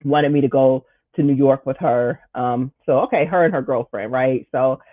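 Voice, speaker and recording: A man hosting his own show, telling a casual story in an animated way, jumping into high, exaggerated voices when he quotes himself. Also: normal speed, no room sound. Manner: lots of "like" and "you know", frequent restarts. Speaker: show host. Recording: thin phone-like sound, dry.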